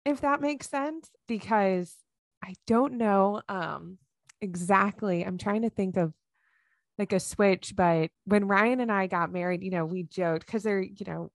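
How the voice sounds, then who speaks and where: A chatty woman co-hosting a podcast, telling stories with lots of fillers and little acted-out quotes. Her voice sits at a middle pitch and sounds dry and close to the mic. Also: measured pace, gravelly, dry recording. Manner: chatty storyteller, many fillers, acts out quotes. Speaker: podcast co-host. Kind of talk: casual chat.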